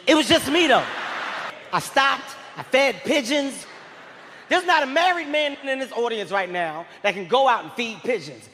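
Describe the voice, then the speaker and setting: A man doing a stand-up routine, acting out both sides of a shouting argument. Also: very high-pitched, animated, normal speed, in a large hall. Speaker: stand-up comedian.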